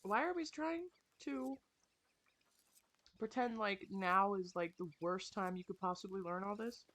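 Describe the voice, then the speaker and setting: A young woman ranting casually while she plays a game, swearing often and sounding animated and exasperated. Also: mid-range voice, measured pace.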